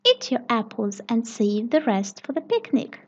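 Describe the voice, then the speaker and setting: Woman reading as a gentle gazelle teacher, storybook, breathy, slow and patient, lo-fi sound. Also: on the high side, big pitch swings. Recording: dull lo-fi recording.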